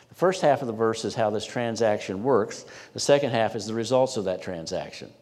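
A man preaching a sermon emphatically, rising in pitch and volume when reading scripture and dropping low for asides. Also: fairly quick, hardly any pauses, darkish tone. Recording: long hall reverb.

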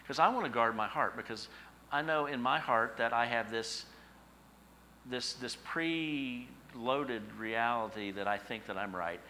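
A middle-aged male pastor preaching a sermon, telling stories with emphatic, animated repetition. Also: medium pitch, unhurried, slight background noise, rough recording.

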